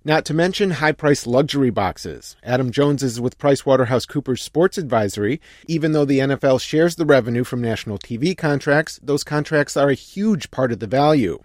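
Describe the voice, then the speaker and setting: A man reading a scripted radio news report in a measured manner. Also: medium pitch, lively intonation, no echo, clean studio sound.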